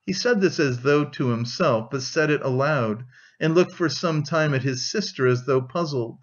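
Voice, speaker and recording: A man narrating an audiobook in a steady, measured way. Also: on the high side. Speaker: audiobook reader. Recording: dull lo-fi audio.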